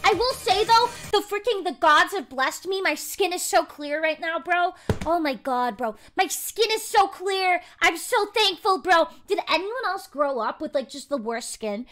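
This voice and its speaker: A woman's voice: extremely high pitch, lively intonation, unhurried, hardly any pauses, fairly bright tone. A young woman hosting a casual livestream, chatting in a bubbly, rambling way at her home desk. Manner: bubbly, rambling, heavy "like" and "freaking". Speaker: livestream host. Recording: faint music behind.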